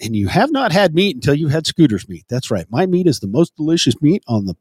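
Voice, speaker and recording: A man's voice: fairly high pitch, very animated, a little fast, a little mellow, slightly rough, dry recording, clean studio sound. A man co-hosting a comedy podcast, brash and foul-mouthed, laughing at his own jokes. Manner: brash, swears freely, laughs often. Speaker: podcast co-host. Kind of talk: crude comedic banter.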